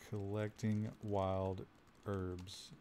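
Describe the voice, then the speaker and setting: A man doing a low, slow, smarmy adventurer. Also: little pitch movement, mellow, slight background noise. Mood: mock-smooth. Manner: low, slow, mock-seductive murmur.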